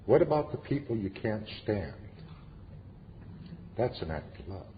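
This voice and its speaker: A middle-aged man with a fairly low voice tells his story to a meeting, earnest and plain-spoken, slipping in dry humor. The sound is dull and lo-fi, with a long echo from the hall and a faint hiss underneath. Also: big pitch swings, measured pace. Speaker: recovery meeting speaker. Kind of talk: personal testimony talk.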